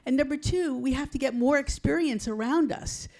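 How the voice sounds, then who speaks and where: A woman investor speaks up from the conference audience in an emphatic, enthusiastic way. Her voice is a little high, and she pushes her points with energy. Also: normal speed, darkish tone.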